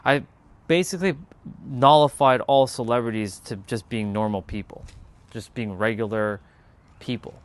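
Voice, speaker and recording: A relaxed man talking off the cuff to his live stream audience. His pitch sits at an ordinary middle level for a man, and he drifts loosely from thought to thought. He addresses viewers directly in an easygoing, unhurried way. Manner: laid-back, rambling, talks straight to viewers. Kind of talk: casual live stream chat.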